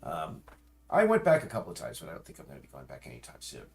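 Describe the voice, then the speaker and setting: A man's voice: rumbling low, wildly swooping pitch, fast talker, gravelly. A man chatting casually on a livestream, rambling and often restarting and correcting himself mid-sentence. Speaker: streamer. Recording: roomy echo.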